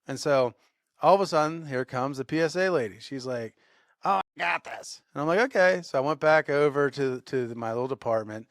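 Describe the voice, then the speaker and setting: A man co-hosting a podcast, telling a workplace story in a lively way and acting out the shouting. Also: mid-range voice, brisk, no echo, clean studio sound. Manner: animated storyteller, acts out shouted quotes. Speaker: podcast co-host. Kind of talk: casual storytelling.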